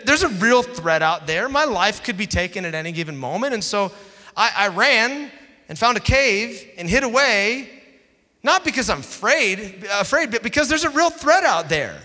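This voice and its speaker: A man's voice: sits high, sing-song, moderate pace, sharp tone, pitched above the performer's own voice, full character voice. A pastor voicing a frightened male prophet who whines and stammers through excuses. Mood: defensive. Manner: whiny, stammering self-justification. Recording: echoey hall.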